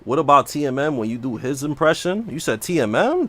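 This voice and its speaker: A man's voice: fairly high pitch, a little fast, dry recording. A man chatting casually and brashly while streaming a game. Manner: brash, slangy, animated. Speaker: livestreamer. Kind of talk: casual gaming stream talk.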